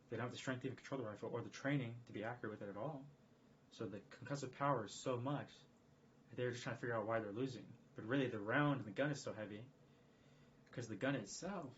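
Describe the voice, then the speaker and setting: A man talking in a casual live-stream monologue, rambling and emphatic, often repeating himself. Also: medium pitch. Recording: dull lo-fi stream audio with faint background noise.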